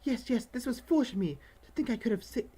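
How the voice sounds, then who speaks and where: A woman streamer voicing a wounded young witch in a dating game, speaking slowly and gravely. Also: a little high, animated, warm tone. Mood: bitter, solemn.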